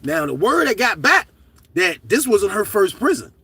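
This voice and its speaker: Middle-aged man, loose profane storytelling vlog, husky bright voice, slightly distant mic. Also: high voice, moderate pace, no room sound. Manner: animated, profane, shouts at peaks of the story. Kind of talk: casual storytelling to camera.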